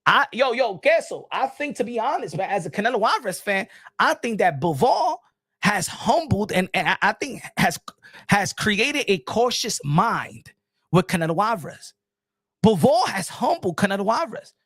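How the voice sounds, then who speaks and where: Boxing stream host, male, high and dry on a close mic, rambling and heated. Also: moderate pace, husky, no echo. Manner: rambling, animated, frequent "you know what I'm saying". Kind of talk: casual live-stream commentary.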